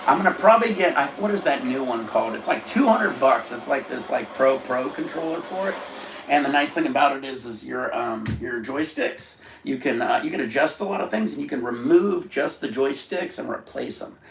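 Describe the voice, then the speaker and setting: A man hosts a casual home livestream, talking at normal speed in a mid-range voice with lively intonation. He rambles in a laid-back way and swears now and then, recorded in an echoey room with faint background noise.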